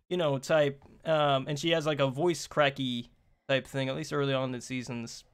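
A man's voice: a little high, moderate pace. A man streaming a game, reading its text aloud and answering viewer chat in a rambling way with many fillers and restarts. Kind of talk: casual live-stream chat while playing.

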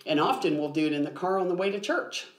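With a lowish, expressive voice, a woman who works as a biblical counselor talks fast on a podcast, earnestly explaining her points and often saying "um". Her audio carries a roomy echo.

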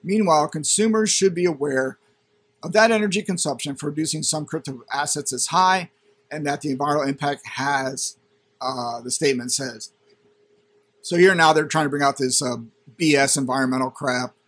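Guy ranting sarcastically about news, kinda high voice, husky. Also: normal speed, a bit bright. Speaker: crypto channel host. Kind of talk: ranting commentary.

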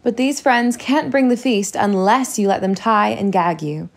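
A woman's voice: medium pitch, normal speed, gravelly, close to an everyday voice. A woman reading as a witty, teasing girl heroine. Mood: coaxing.

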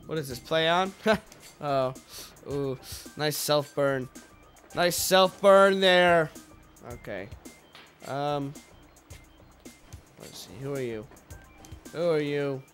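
A young man hosting a let's play, commentating with jokes, swearing and sudden yelps at the game. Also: a little high. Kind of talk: gameplay commentary.

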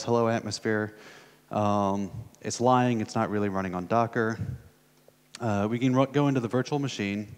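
An American man at a conference, talking casually through a live coding demo and thinking aloud as he types. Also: medium pitch. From United States. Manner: casual, thinking aloud while typing, many fillers. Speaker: conference speaker. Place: conference hall. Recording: long hall reverb from a conference room.

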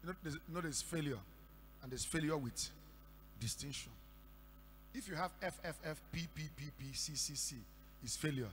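A Nigerian man preaching a sermon, telling stories and breaking into shouted declarations. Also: a little high, normal speed, pauses often. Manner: storytelling with sudden shouted declarations. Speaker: pastor. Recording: echoey hall with faint hum.

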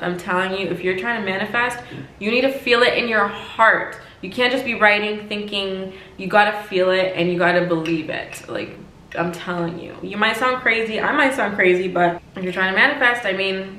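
Chatty bright-voiced young woman vlogger. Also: medium pitch, moderate pace, slight background noise. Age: 20s. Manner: chatty, emphatic, repeats herself. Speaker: lifestyle vlogger. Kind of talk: casual advice vlog. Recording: echoey room.

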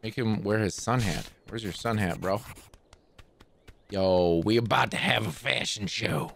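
A man hosting a gaming channel, giving playful, excitable let's play commentary full of trash talk. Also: on the low side, unhurried, vocal fry, a little hiss or hum.

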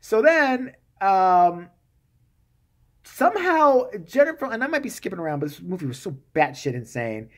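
A man vlogging a profane, sarcastic comic rant about a movie, swinging between mumbles and loud bursts. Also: high-pitched, very animated, moderate pace.

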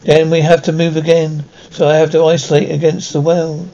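A man playing a troubled young mutant who talks in a halting, questioning way in an archive radio drama. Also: a little high, level tone, warm tone, highs cut off, lightly acted. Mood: brooding.

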